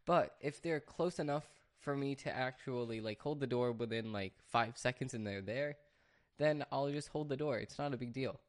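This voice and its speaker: A man's voice: medium pitch, normal speed. A man who works at a restaurant, talking casually with many fillers and restarts, venting in an exasperated rant. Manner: rambling, frequent fillers and restarts. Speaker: restaurant worker. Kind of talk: casual talk to camera.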